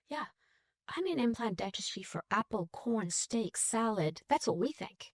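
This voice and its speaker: A woman in her sixties, a guest on a podcast, telling a story in an animated way and acting out the quoted lines. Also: a little slow, no room sound, studio quality. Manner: animated, acts out quotes with pitch leaps. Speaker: podcast guest, dental implant educator. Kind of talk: conversational storytelling.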